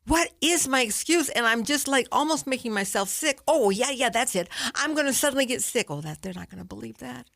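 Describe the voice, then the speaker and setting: A woman's voice: a little high, animated, fairly quick, vocal fry, few pauses, fairly bright tone, no room sound. An older woman, a guest author, telling a personal story in an interview and acting out her own past thoughts.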